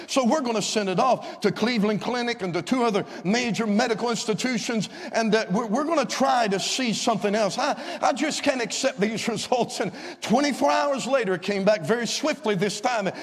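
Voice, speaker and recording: A man, a visiting evangelist, telling a story in a fervent revival sermon that rises to shouts of praise, recorded in a church. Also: very high-pitched, fairly quick, few pauses. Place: church sanctuary. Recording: long church-hall reverb.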